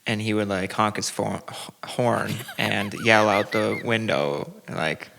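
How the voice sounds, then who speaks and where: A man, the show's producer, joining the casual chat in a halting, hesitant way. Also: lowish voice, level tone, creaky, fairly bright tone. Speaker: podcast producer. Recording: long reverb, roomy sound.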